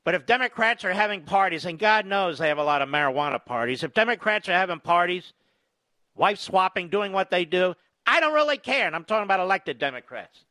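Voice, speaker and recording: A combative, sarcastic man hosting talk radio commentary. His voice sits high with lively swings and a bright, sharp edge. The sound is dry and close. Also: brisk, no room sound.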